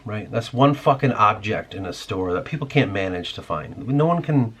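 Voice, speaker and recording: A man's voice: on the low side, lively intonation, normal speed, few pauses, slight background noise. A man hosting a podcast, delivering a rambling, irritated, profane rant in casual talk. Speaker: podcast host.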